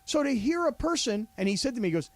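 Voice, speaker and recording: A man co-hosting a sports radio show, telling a story with animated energy and quoting people in their voices. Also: very high-pitched, quick pace, no echo. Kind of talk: casual sports radio banter.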